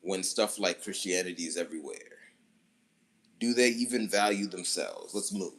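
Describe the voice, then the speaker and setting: A somewhat low-voiced man holding forth on his own livestream. He speaks in firm, declarative bursts and repeats short punchy phrases. His monologue slips into rhythmic chanting. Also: normal speed, fairly bright tone. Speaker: livestream commentator.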